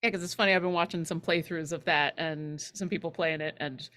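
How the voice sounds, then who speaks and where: A woman's voice: low-pitched, steady tone, fairly quick, fairly bright tone. A woman co-hosting a live painting stream, chatty and enthusiastic, rambling and asking questions. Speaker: co-host learning to paint. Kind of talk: casual chat on a live stream.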